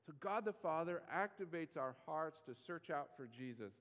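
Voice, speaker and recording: A man with a fairly high voice preaching to his congregation, loose and conversational, slipping into playful mock pleading now and then. His voice carries a long reverb from a large church hall. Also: lively intonation, moderate pace, a bit bright. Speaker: pastor. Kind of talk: sermon.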